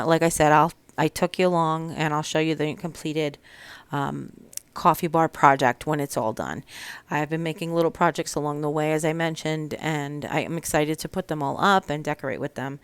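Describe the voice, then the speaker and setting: A woman's voice: low voice, clear, resonant tone, dry recording. A woman with a Long Island accent, talking casually through a home DIY project in her kitchen, chatty with frequent ums and restarts. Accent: Long Island New York. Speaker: DIY vlogger. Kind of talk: casual crafting vlog.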